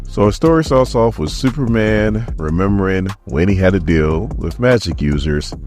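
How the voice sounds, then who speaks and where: Deep-voiced, animated male comic recapper. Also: normal speed, faint music behind. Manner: animated, slangy storyteller. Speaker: comic book channel host.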